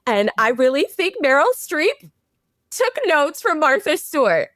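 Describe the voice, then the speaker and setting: A woman's voice: sits high, big pitch swings, a little slow, fairly bright tone, dry recording, clean studio sound. A woman co-hosting a casual podcast, talking animatedly and slipping into playful impressions. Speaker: podcast co-host.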